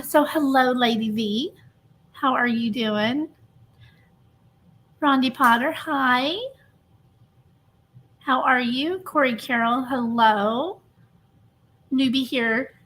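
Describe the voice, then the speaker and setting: A woman's voice: high-pitched, fairly bright tone. Chatty woman streamer greeting viewers. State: emotionally drained. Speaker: true crime livestream host. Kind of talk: casual livestream chat.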